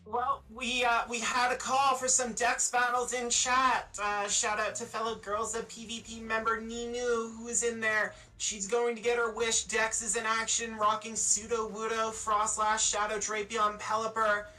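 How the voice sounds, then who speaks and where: A commentator from Eastern Canada, calling a live competitive match with energetic play-by-play. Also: male voice, very high voice, moderate pace, hardly any pauses. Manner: energetic, excitable calls. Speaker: esports commentator. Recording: music bed, distant from mic.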